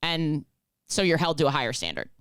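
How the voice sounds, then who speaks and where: A woman's voice: sits low, very animated, a little fast, clean tone, no echo. A woman co-hosting a podcast in casual chat, giving blunt, opinionated advice. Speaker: podcast co-host. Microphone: studio microphone close up.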